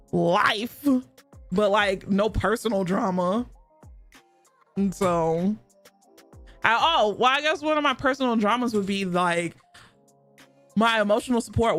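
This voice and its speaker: Animated, profane young woman streamer. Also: medium pitch. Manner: blunt, profane, laughs often. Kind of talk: casual chat while streaming a game.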